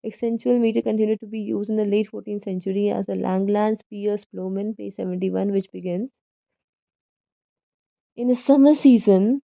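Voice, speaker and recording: A woman reads a poetry textbook aloud with a gravelly, creaky edge in her voice. She goes carefully and sometimes stumbles and corrects herself. The sound is dry and dull, like a lo-fi recording. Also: mid-range voice, little pitch movement, a little fast, hardly any pauses, no echo. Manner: careful reading with slips and self-corrections. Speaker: student reader.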